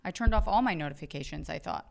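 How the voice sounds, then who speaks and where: A woman co-hosting a podcast, joking and swearing casually as she pitches comedy sketch ideas. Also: expressive, quick pace, gravelly. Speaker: podcast co-host. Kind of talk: casual chat.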